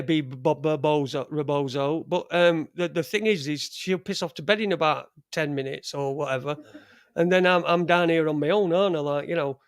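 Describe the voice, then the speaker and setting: A middle-aged man with a Yorkshire accent hosts a casual livestream from a home studio in front of a green screen, his chat rambling, crude and full of jokes. His voice runs fairly high, and the studio sound is clean with no echo.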